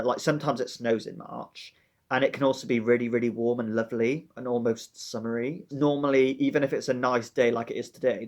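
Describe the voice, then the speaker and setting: A Welsh man, a teacher, chatting casually and wryly to camera with a slightly dramatic touch. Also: medium pitch. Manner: chatty, wry, a bit dramatic. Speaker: teacher and book vlogger. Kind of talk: casual chat.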